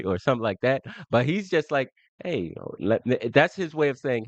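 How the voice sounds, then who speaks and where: A man's voice: medium pitch, lively intonation, normal speed, dry recording. Guy streaming a reaction, swears a lot, dry muffled mic. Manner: crude, exasperated, laughing at the clip. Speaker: streamer reacting to a debate clip. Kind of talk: casual reaction commentary.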